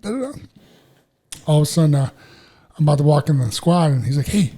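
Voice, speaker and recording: A man's voice: a little high, lively intonation, warm tone. A middle-aged man telling stories in a laid-back casual chat as a podcast co-host. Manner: storytelling, laid-back, quick.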